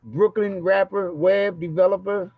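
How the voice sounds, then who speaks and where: A man hosting a virtual concert, casually introducing a guest and slowing down for emphasis, heard over a dull, dry video-call line. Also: high voice, a crowd in the background. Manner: relaxed, slows down for emphasis.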